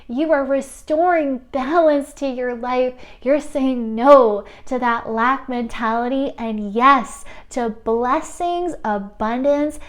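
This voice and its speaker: A high-pitched woman running a pick-a-card oracle reading. She keeps bursting into excited exclamations, then settles into a soft, reassuring tone as she speaks straight to the listener. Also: takes it slowly, few pauses. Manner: gushing, excitable, exclaims often; soothing, reassuring addresses to the listener. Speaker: tarot card reader.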